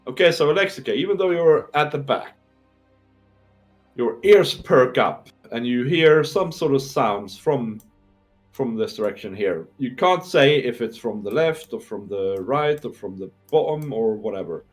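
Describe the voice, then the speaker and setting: A man's voice: mid-range voice, expressive, unhurried, faint music behind. A man running a tabletop game as game master, narrating scenes with fillers and restarts. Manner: descriptive, thinks aloud with fillers and restarts; clears his throat between lines.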